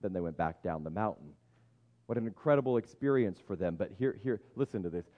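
A man's voice: low voice, animated, a little fast, narrow, tinny audio. A man preaching a sermon in a conversational, humorous way, often stopping to restart his sentences. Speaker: pastor.

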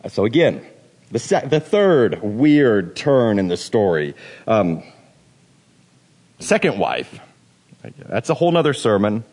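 This pastor's lowish, slightly mellow voice is very animated, yet he takes his time, leaving long pauses. He delivers his sermon in a joking, casual manner, now and then putting on playful voices, with long hall reverb around him.

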